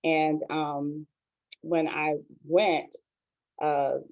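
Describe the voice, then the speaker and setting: A woman in her forties, a pastor, telling her own story in a soft, hesitant, earnest way, with many pauses and ums. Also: low-pitched, little pitch movement. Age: 40s. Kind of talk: personal testimony on an online show. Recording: tinny phone-like line, dry.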